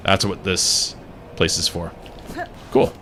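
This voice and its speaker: A man streaming a game, chatting casually and thinking out loud while exploring. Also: sits low, flat delivery, slow, a little hiss or hum. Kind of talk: casual gameplay commentary.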